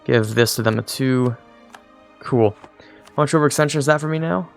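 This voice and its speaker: Soft music runs underneath as this young man chats his way through a strategy game stream, teasing himself and addressing his units. He talks a little fast in a creaky, mid-range voice.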